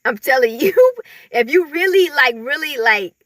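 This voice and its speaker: A woman talking casually into the camera, animated, often laughing and mimicking other people in mocking voices. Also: high voice, normal speed, no echo. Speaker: vlogger.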